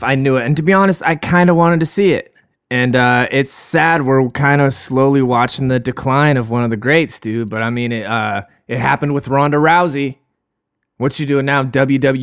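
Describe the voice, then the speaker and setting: A male podcast host who rants casually and swears freely in a loose, rambling flow. His voice sits at an ordinary pitch, close on a dry microphone. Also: no echo. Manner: rambling, profane, laid-back. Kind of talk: casual profane rant. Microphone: close podcast mic.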